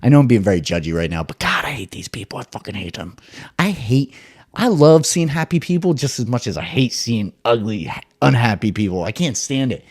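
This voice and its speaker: A man hosting a solo podcast, talking in a loose, excitable, foul-mouthed ramble. His voice sits at a middling pitch but swings up and down a lot as he gets worked up. It sounds casual and unscripted throughout. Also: brisk, husky. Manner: animated, profane, excitable rambling. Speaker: podcast host.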